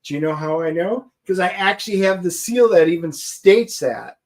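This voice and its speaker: A man's voice: high-pitched, moderate pace. A man co-hosting a comic book show, casually and enthusiastically explaining things to viewers. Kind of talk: casual chat.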